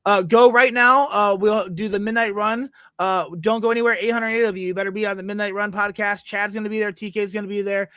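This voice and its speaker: A sleep-deprived man in his thirties hosting a podcast, talking in an earnest, grateful way with plenty of fillers. His voice sits high and bright. It is recorded dry, with no room sound. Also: flat delivery, quick pace, few pauses, clear, resonant tone, no room sound. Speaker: podcast host. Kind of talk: casual podcast chat.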